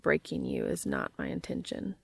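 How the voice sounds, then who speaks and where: A woman voicing a gruff, serious and tender adult man in a story reading, speaking slow, low and deliberate. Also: huge pitch swings, no echo, exaggerated voice. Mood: earnest, low.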